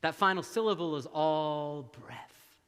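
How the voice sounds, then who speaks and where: Male minister giving a sermon, real slow and deliberate, big church echo. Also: fairly high pitch, expressive, a bit bright, smooth. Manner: slow, deliberate, with long dramatic pauses. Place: church sanctuary. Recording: long church reverb.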